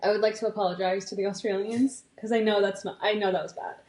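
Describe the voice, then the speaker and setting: A woman's voice: mid-range voice, steady tone, quick pace, a little mellow, reverberant. A woman co-hosting a podcast in casual, playful chat, laughing often. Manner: giggly, playful. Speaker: podcast co-host.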